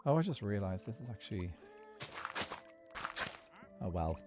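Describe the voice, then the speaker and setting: A man's voice: on the low side, big pitch swings, a little slow. A man chatting casually and rambling through his opinions while streaming a game. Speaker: gaming streamer. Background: background music.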